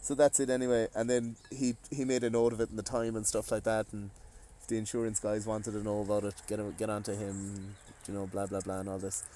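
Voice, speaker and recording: An Irish man chatting casually with his wife, animated as he tells a story and quotes other people. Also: on the low side, brisk, few pauses, slight background noise. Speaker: co-host, husband. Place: garden outdoors. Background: faint outdoor ambience.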